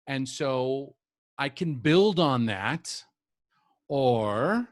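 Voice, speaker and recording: A man's voice: mid-range voice, animated, drawn-out words, no room sound. A man hosting a recovery podcast, talking earnestly and reflectively in long thoughtful stretches. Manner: earnest, reflective, speaks in mini-lectures. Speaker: podcast host.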